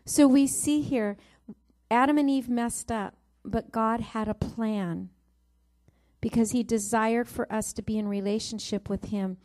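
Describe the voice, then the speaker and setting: Woman preacher, middle-aged, mellow dark tone, sermon with scripture reading. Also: on the high side, fairly even intonation, a little slow. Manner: warm storytelling with Bible reading, rising emphasis on verse numbers.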